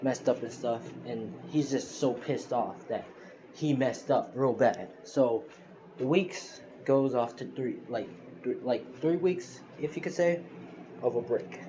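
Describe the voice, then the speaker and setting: A man's voice: mid-range voice, unhurried. A man casually retelling a fan-made story, rambling with lots of fillers and restarts. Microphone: phone screen recorder. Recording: noisy phone recording.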